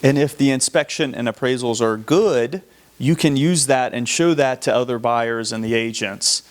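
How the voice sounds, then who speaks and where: Calm Southern male agent, mid pitch, practical and matter-of-fact. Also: normal speed. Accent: Southern American. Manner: plain, steady, practical, a few restarts. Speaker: real estate agent co-presenter. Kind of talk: instructional talk.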